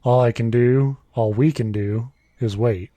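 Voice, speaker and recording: With a mid-range, steady voice and a dark tone, a man in his early thirties reads a story at a measured pace, with no echo on the audio. It's a casual podcast, so he pauses for asides, laughs a little and fixes his own slips.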